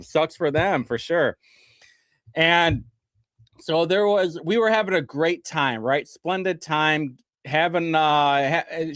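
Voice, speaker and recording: A man's voice: a little high, fairly bright tone, dry recording, studio quality. A tipsy man hosting a comedic talk show, rambling and joking with many fillers and restarts.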